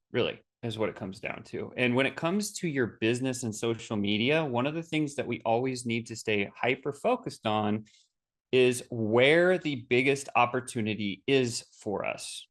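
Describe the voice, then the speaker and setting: A man presenting a motivational business webinar, telling stories in a casual, upbeat way with energetic asides. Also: mid-range voice, moderate pace. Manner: energetic storytelling with acted quotes; casual, upbeat, repeats words.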